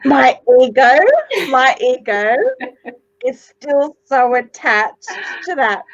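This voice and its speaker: Dramatic, animated woman in her forties. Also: sits high, slow pace, no room sound, muffled recording. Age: 40s. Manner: dramatic, animated storyteller, swears freely. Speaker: guest, psychic medium. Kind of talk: casual video interview chat.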